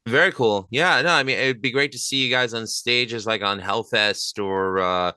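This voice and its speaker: A male podcast host asks his guest polite, halting questions. His voice is smooth and very bright, and it sounds dry and close to the mic. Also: medium pitch, no echo. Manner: polite, hesitant questions with restarts. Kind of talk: interview questions.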